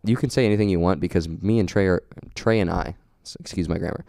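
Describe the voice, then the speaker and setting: A man's voice: low-pitched, quick pace, mellow, no echo, studio quality. A young man co-hosting a podcast in casual chat, talking earnestly and rambling a little about goals and motivation. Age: young adult. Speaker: podcast co-host.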